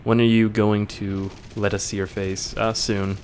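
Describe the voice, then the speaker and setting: A man's voice: fairly low pitch, flat delivery, unhurried, a little mellow, a little hiss or hum. A young man reading viewer questions aloud and answering them in a casual, joking way, swearing now and then.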